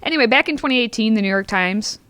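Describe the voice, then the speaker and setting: A woman's voice: fairly high pitch, animated, fast talker, a bit bright. A woman hosting a casual political talk show, summarizing news items with lots of laughter and banter. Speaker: host.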